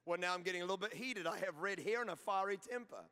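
A man's voice: high-pitched, fast talker, sharp tone, clean tone. A middle-aged man preaching a sermon, telling humorous stories and building to emphatic declarations. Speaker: pastor. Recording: reverberant hall.

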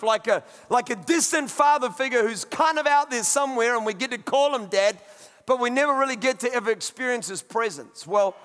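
A pastor preaching a sermon in a conversational, emphatic way, with friendly asides. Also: male voice, very high-pitched, bright, forceful tone, long reverb tail.

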